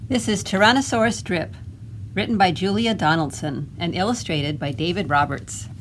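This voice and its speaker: A woman librarian reading a picture book aloud at children's storytime, expressive and asking little questions. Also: lowish voice, moderate pace, a little hiss or hum.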